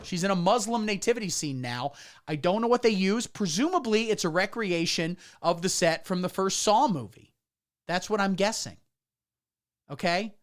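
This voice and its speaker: A man's voice: high-pitched, lively intonation, normal speed. A man rambling through a crude, absurd satirical story on a livestream, breaking off to read out chat comments. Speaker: comedian streamer.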